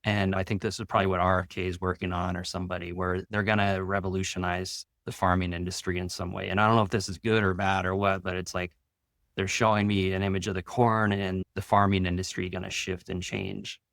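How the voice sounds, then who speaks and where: Low gravelly-voiced man guiding a meditation. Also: level tone, dry recording, studio quality. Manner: slow, soft meditation guidance with long pauses; rambling, loose casual talk with many "like" fillers. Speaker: spiritual teacher leading a guided meditation. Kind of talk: channeled energy update and guided meditation.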